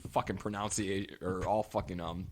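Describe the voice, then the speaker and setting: A podcast co-host with a low voice talks fairly quickly in casual chat. He tells animated stories with plenty of swearing and laughs often.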